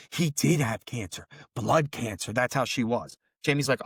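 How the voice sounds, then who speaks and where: A middle-aged bereaved father, guesting on a podcast, tells stories in an emotional interview. His medium-pitched, slightly bright voice moves at normal speed with few pauses, rambling, heated, and profane, in a dry recording.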